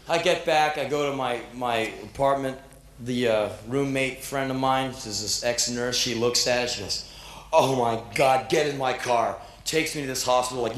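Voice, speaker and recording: A man in his thirties performing live spoken word, telling a story in an animated, profane, self-mocking way and acting out the voices of others. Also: mid-range voice, roomy sound, slight background noise. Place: stage before a live audience.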